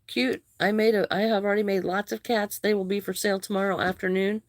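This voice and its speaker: A woman hosting a live crochet stream, chatting with viewers, greeting and thanking them by name, with some halting restarts. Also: mid-range voice, little pitch movement, dry recording, studio quality. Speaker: livestream host.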